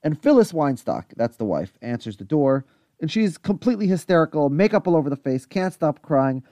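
A man's voice: a little high, big pitch swings, a little fast, dark tone, no echo, clean studio sound. A man co-hosting a podcast, casually recapping a TV episode in chatty detail with lots of asides. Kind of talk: casual chat.

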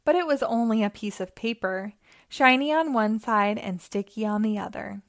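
Gentle woman reading a children's book. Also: mid-range voice, moderate pace, dry recording, studio quality. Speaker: storytime host. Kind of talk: children's book read-aloud.

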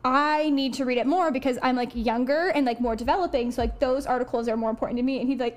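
A woman co-hosting a podcast, talking in a quick, animated way with many filler words. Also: high-pitched. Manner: animated, lots of "like". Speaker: podcast co-host. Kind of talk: casual podcast chat.

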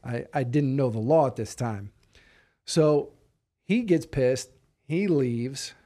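Mellow-voiced man telling a story. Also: mid-range voice, takes it slowly. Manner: animated, acts out dialogue. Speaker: podcast guest. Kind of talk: casual storytelling.

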